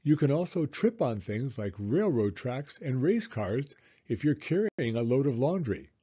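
A man reads a children's storybook aloud, slow and animated, with a lively rising and falling voice. His tone is mellow and slightly husky. The recording sounds dull and lo-fi. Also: medium pitch. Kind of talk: read-aloud storybook narration.

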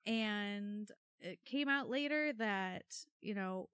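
A woman co-hosting a casual true-crime podcast, telling the story in a wry, animated way. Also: mid-range voice, slow pace, smooth, no echo. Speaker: podcast co-host.

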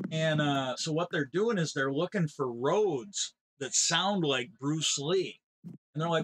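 Man, live streamer, rambling casual chat, meandering storytelling, slightly high voice. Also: moderate pace, a bit bright, a little hiss or hum, rough recording.

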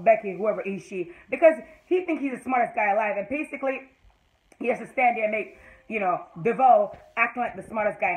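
A woman giving an excited, casual recap of a TV episode, swearing freely and breaking into loud squeals of delight. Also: a little high, low-quality recording. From Jamaica. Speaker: TV episode reviewer.

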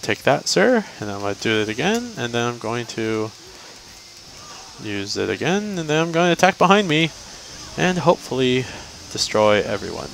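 A man's voice: lowish voice, vocal fry, a bit bright, slight background noise, rough recording. A young man giving casual gameplay commentary for a guide video, rambling and joking to himself as he plays.

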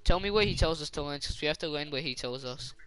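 A man's voice: fairly high pitch, fast, over music, poor audio. A young man streaming a game, joking crudely, swearing and laughing through casual banter. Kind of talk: casual gaming stream chat.

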